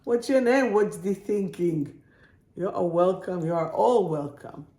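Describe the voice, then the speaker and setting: A woman working as a spiritual coach, reading affirmation cards to viewers in a slow, soothing, affirming way during a live stream. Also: lowish voice, expressive, warm tone, echoey room.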